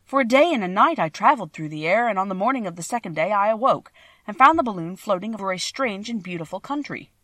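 A woman's voice: mid-range voice, lively intonation, quick pace, fairly bright tone, no echo, lightly acted. A woman reading an audiobook, voicing a middle-aged male humbug wizard as he recounts his tale in the first person. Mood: reminiscing.

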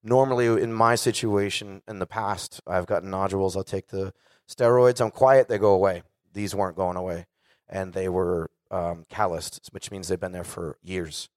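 A man's voice: sits low, steady tone, normal speed, dry recording, studio quality. A man in his forties, a singer, telling a candid and profane story casually to a live audience. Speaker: guest singer.

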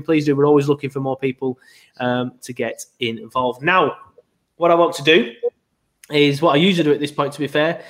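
A man hosting a podcast in a casual, rambling way, full of ums and self-corrections. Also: on the high side. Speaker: podcast host.

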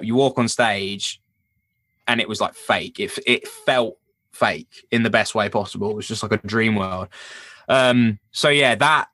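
A man's voice: lowish voice, no echo. A man, a touring rock drummer, chatting in an interview and acting out quotes with plenty of swearing. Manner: animated storyteller, swears freely, acts out quotes. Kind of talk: casual interview chat.

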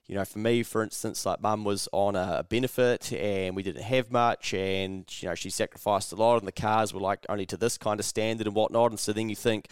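A young man with a New Zealand accent chats bluntly on a podcast and swears freely. His voice is fairly low and smooth. The sound is close and dry, with no room around it. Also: a little fast, few pauses, no echo. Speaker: podcast host. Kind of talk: casual chat.

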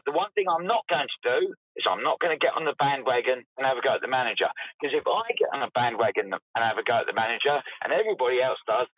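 A man's voice: medium pitch, fairly bright tone, husky, no room sound, low-quality recording. A man ranting as an emotional football fan caller, indignant and apologetic by turns.

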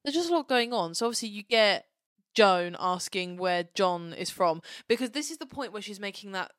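Smooth-voiced woman podcast co-host. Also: medium pitch, animated, normal speed, a bit bright, dry recording. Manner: chatty and frank, with dry asides. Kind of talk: casual chat.

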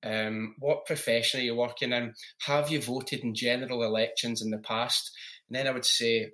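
Scottish man, host, bright and forceful tone, casual storyteller. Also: mid-range voice, brisk. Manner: lively, swears freely, laughs at his own stories. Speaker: podcast host.

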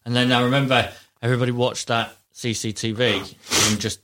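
A man's voice: medium pitch, flat delivery, fairly quick, fairly bright tone. A man co-hosting a casual podcast over a video call, telling family stories and acting out the people in them. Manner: storytelling, acts out his daughter and himself in quotes. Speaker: podcast co-host.

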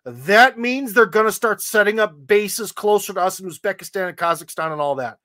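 A man's voice: high voice, lively intonation, brisk, bright, forceful tone, no room sound. An American man hosting a podcast, chatting casually in a loose, rambling way with wry asides. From United States. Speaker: podcast host. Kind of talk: casual chat.

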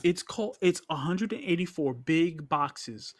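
A man's voice: on the high side, expressive, a little slow. A man hosting a podcast, chatting casually with a rambling, stammering manner full of restarts. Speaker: podcast host. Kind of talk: casual chat.

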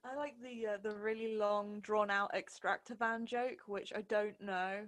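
A woman's voice: medium pitch, fairly even intonation, normal speed, a bit bright. A woman co-hosting a casual podcast chat. She is playful and teasing and laughs often. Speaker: podcast co-host.

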